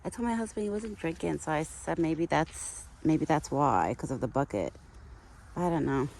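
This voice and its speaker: Chatty low-voiced woman outdoors. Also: animated, moderate pace, a little mellow, a little hiss or hum. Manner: chatty, coos in baby talk to her deer. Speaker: vlogger feeding a pet deer. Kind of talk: casual outdoor vlog. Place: outdoors in a wooded yard.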